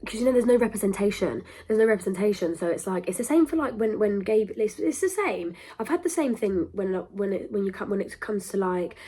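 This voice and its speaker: Young woman, podcast host, slightly breathy, middle pitch, talks in emphatic, looping tangents. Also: animated, warm tone. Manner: rambling, emphatic, self-interrupting, quick laughs. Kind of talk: casual monologue to camera.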